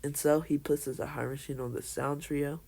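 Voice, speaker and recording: A man telling a casual, made-up fan story in a halting way, full of restarts and fillers. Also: a little high, steady tone, gravelly, a little mellow. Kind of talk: casual fan-fiction narration.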